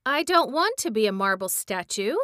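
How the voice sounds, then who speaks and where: A woman's voice: high voice, sing-song, moderate pace, a bit bright, no echo, studio quality, pitched above the performer's own voice. A woman voicing a timid, anxious young boy in a read-aloud story, pleading nervously.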